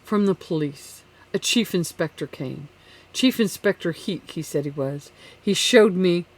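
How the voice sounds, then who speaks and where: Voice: mid-range voice, normal speed, close to an everyday voice. A reader voicing a grieving young widow who speaks in a listless, pleading way, in an audiobook. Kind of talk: audiobook character reading.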